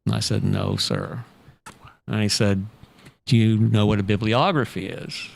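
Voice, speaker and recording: Gravelly, low-pitched man as a podcast guest, telling his story casually. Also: moderate pace. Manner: relaxed anecdotal, many fillers.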